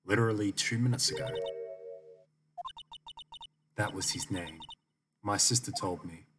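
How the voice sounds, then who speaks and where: A man's voice: lowish voice, unhurried, recorded from a distance. A man casually commenting on a game playthrough, with joking asides to chat and a friend. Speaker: let's play commentator. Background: video game music.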